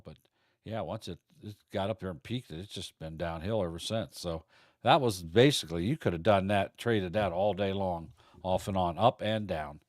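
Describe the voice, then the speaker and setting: A middle-aged trading instructor teaches futures trading on a livestream, chatting in a casual, folksy, rambling way and occasionally tripping over his words. His voice is on the low side, and the studio sound is clean with no room sound.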